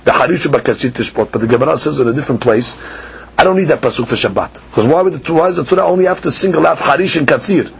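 A man teaching a Talmud lesson, chanting the text in a sing-song and then explaining it quickly, asking and answering his own questions. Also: a little high, lively intonation, vocal fry, breathy edge. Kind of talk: Talmud lecture. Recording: dull lo-fi podcast recording with faint ambience.

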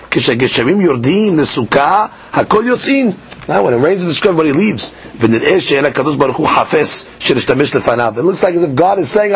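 A man's voice: high-pitched, husky. A man teaching a Talmud lesson, reading text line by line and explaining it, often stumbling and repeating words. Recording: dull lo-fi recording with faint noise.

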